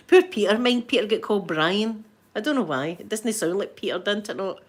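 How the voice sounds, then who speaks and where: A woman's voice: mid-range voice, expressive, a little fast. A middle-aged Scottish woman hosting a live stream, chatting casually with viewers, laughing often and mimicking other voices. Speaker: ASMR livestream host.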